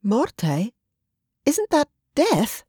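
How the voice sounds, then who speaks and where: A storybook narrator voicing an earnest, anxious young woman who speaks in a high, pleading tone. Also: sing-song, normal speed, a little mellow, dry recording, studio quality.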